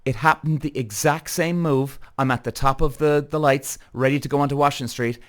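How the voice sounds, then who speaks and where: A man's voice: mid-range voice, steady tone, brisk, a bit bright. A man with an Irish accent, a podcast host telling a heated story straight to his viewers, swearing freely. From Ireland. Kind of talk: animated storytelling rant.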